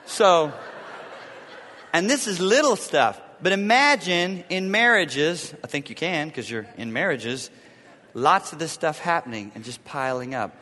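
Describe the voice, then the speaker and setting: Middle-aged male preacher, animated storyteller, bright lively delivery in a reverberant hall. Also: a little high, a little slow. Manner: animated storytelling, acting out both sides of a quarrel. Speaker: pastor. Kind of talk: sermon.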